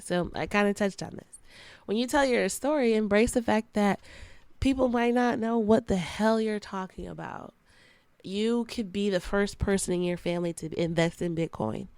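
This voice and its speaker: The podcast host is a young woman with a clean, medium-pitched voice and no echo. Casual and frank, she laughs frequently, uses slang, and animatedly plays out her friends' quotes in sassy voices.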